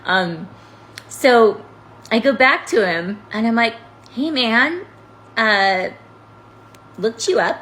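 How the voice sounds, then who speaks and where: A woman's voice: on the high side, lively intonation, slow, pauses often, a bit bright, rough recording. A woman casually telling a story about a date, wry and amused, often laughing as she goes. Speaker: TikTok storyteller.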